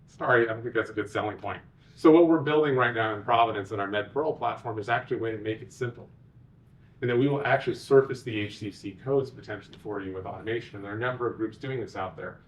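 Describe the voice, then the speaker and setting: A man, a physician executive, giving a conference talk with animated, sarcastic asides. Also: mid-range voice, fast talker, recorded from a distance.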